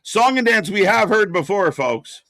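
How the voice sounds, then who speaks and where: A high-pitched man speaking at a measured pace reacts and chats during a live wrestling watch party he's co-hosting. His talk rambles with fillers and breaks into loud, excited bursts; the studio audio is clean, with no echo.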